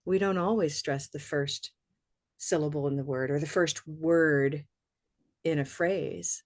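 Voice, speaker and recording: Chatty female ESL teacher with a low voice, explaining over a video call. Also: darkish tone. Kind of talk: conversational teaching talk.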